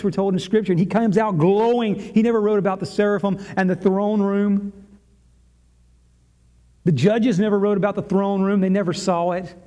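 Fervent high-voiced male preacher. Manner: dramatic retelling with long pauses, swinging from loud and fervent to hushed whispers. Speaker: pastor. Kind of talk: sermon.

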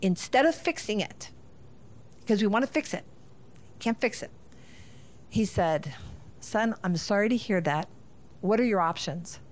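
A woman's voice: mid-range voice, lively intonation, a little slow, pauses often. A middle-aged woman from Northern Ohio, a guest speaker, telling a family story with laughter and acted-out lines of dialogue. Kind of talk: storytelling talk.

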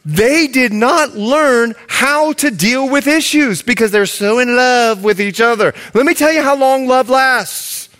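A male pastor preaching a sermon, telling stories in an animated and dramatic way. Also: very high-pitched, unhurried, few pauses.

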